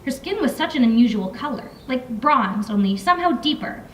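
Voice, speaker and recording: A young woman author reads her own novel aloud in a library, breaking off for relaxed asides full of ums. Her voice sits fairly high, and the mic is some distance off in a roomy space with faint ambience. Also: a little fast, slight background noise. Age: young adult. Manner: casual asides with fillers between readings. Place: library room. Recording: echoey room, mic from far off.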